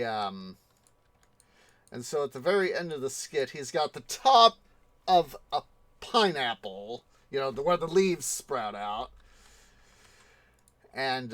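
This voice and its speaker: A man's voice: mid-range voice, a bit bright, no echo. A man hosting a casual gaming livestream, rambling through a story with many ums and restarts. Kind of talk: casual livestream chat while playing.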